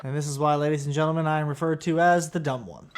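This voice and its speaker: A man's voice: a little high, steady tone, fast. A man adding dry, self-mocking commentary over his father's story. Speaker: comedian's son giving commentary.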